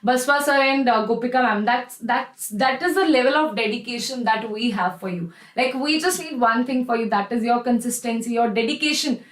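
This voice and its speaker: A woman's voice: fairly high pitch, moderate pace, hardly any pauses, reverberant, low-quality recording. A young woman with an Indian English accent, teaching a live online chemistry class in a chatty, encouraging way. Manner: chatty and encouraging, addresses students as "bacha".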